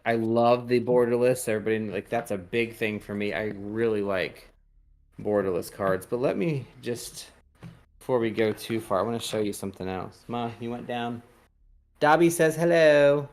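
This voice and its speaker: Rambling man with a lowish voice. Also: moderate pace. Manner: rambling, hesitant, lots of ums. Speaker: podcast host reading tarot. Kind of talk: casual chat.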